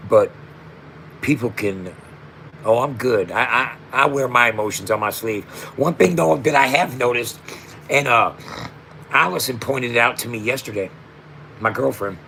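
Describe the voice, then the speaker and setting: A man's voice: medium pitch, normal speed, vocal fry, pauses often, sharp tone, a little hiss or hum. A man in his fifties, a rapper and founder, speaking straight to camera in a heartfelt, emphatic monologue full of slang and repeated asides. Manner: emphatic, repetitive, street slang, emotional.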